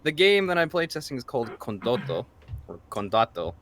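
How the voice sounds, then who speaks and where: A man's voice: medium pitch, very animated, fairly quick, fairly bright tone, a little hiss or hum. A man hosting a tabletop game stream, chatting casually and rambling with frequent laughs. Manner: rambling, restarts and laughs often.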